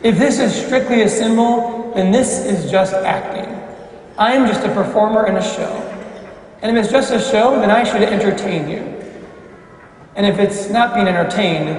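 A man's voice: sits high, moderate pace, darkish tone, slight background noise. A man preaching a homily as a Catholic priest, emphatic and full of rhetorical questions. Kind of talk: homily at Mass. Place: large church. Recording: echoey church hall from far off.

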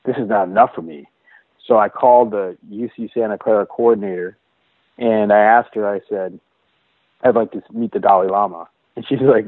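A man telling his own story as an interview guest, earnest and halting, restarting and repeating words as he goes. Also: mid-range voice, dry recording. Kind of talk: personal storytelling in a conversation. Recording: dry, phone-like narrow sound.

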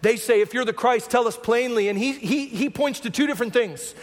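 A man preaches a sermon in a relaxed, conversational teaching style, often checking in with the congregation. His voice sits very high for a man. The sound carries the long reverb of a large church sanctuary. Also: brisk. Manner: conversational teaching, frequent "right?" asides. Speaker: pastor.

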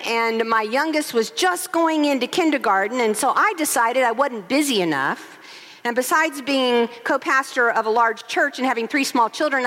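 A woman co-pastor in her forties preaching a sermon, telling stories and asking rhetorical questions. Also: a little high. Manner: expressive storytelling with rhetorical questions. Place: large church sanctuary. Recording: long hall reverb.

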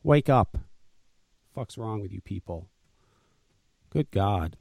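A man's voice: fairly low pitch, animated, slow pace, creaky, a little mellow, dry recording, studio quality. A man hosting a podcast in casual chat, blunt and profane, often ranting and grumbling. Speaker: podcast host and vape shop owner.

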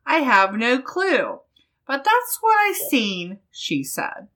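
A woman co-host reads an article in an unhurried way and keeps slipping into laughter. Her voice sits high and sounds bright and forward. It is casual podcast banter between friends. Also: huge pitch swings. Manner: reads aloud slowly, breaks into laughter. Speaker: co-host reading a news story.

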